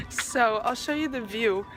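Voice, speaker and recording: A young woman chatting casually into her phone camera on a pier, giggly and often laughing. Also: on the high side. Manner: giggly, keeps breaking into laughter. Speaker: vlogger. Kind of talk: casual vlog chat. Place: outdoors on a pier by the water. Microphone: phone camera held by the speaker. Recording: outdoor phone recording with background noise.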